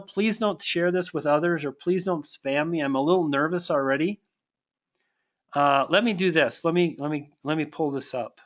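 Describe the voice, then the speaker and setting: An online marketing coach hosts a live webinar, answering viewers warmly and gratefully while stumbling over restarts. His voice sits on the high side, and the audio is dull.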